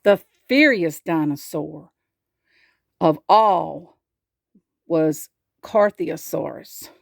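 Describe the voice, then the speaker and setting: A woman reading a picture book aloud, slow and expressive, asking the listener questions. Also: sits low, gravelly, no room sound, studio quality. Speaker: storyteller.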